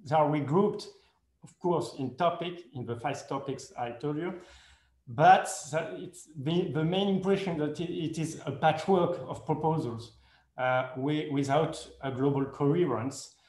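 A man giving a conference presentation in careful non-native English, hesitant and full of pauses and fillers, correcting himself as he goes. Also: on the high side, darkish tone. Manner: speaks English as a second language. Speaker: conference speaker. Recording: echoey room.

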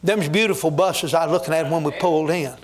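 A man's voice: on the high side, fast talker. A man preaching a fervent revival sermon in a church, exhorting his listeners and telling folksy stories along the way. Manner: folksy, exhorting, with storytelling asides. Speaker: guest preacher. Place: church sanctuary.

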